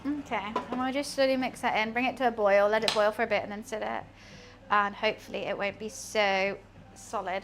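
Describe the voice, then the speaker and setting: A woman's voice: mid-range voice, steady tone, fairly quick, noisy background. A young woman with a slight lisp, chatting playfully with her stream chat while she cooks. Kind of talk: casual cooking stream chat.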